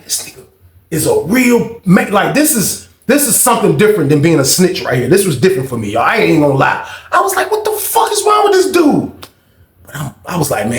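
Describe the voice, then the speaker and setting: A man's voice: fairly high pitch, reverberant. A man telling a storytime tale in casual slang, acting out each person's lines with shifting voices. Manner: animated, acts out dialogue with shifting voices, heavy slang and profanity. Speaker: storytelling channel host.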